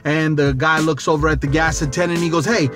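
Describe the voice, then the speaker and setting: A man giving an animated, conversational devotional message as a preacher, often repeating phrases. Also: fairly high pitch, quick pace, soft background music.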